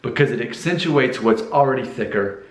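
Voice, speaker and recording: An American man chats to his camera in a loose, rambling vlog style, full of fillers and self-promotion. His voice sits at an ordinary middle pitch. The room around him gives a noticeable echo. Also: animated, normal speed. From United States. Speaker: vlogger giving hair advice. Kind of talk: casual talking-head vlog.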